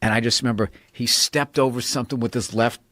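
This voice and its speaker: A man's voice: mid-range voice, fairly even intonation, quick pace, fairly bright tone, no room sound, clean studio sound. A man in casual podcast chat, telling profane stories and laughing as he goes.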